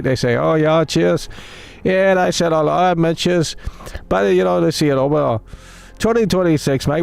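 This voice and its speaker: Here the same kind of streamer speaks in a mid-range, somewhat mellow, natural voice. Doing a cheeky fake-British bloke routine, he tosses "mate" and "cheers" onto nearly every line of his playful, teasing stream chatter.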